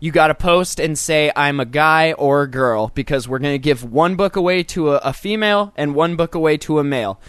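Smooth-voiced joking man, casual chat. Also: fairly high pitch, a little fast, hardly any pauses, fairly bright tone, dry recording, clean studio sound. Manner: joking, rambling, crude humor. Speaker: podcast co-host.

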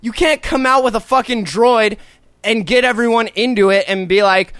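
A man's voice: very high-pitched, animated, normal speed, a bit bright, no room sound, clean studio sound. A young man hosting a podcast, ranting profanely and with exasperation. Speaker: podcast host. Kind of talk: casual ranting podcast chat.

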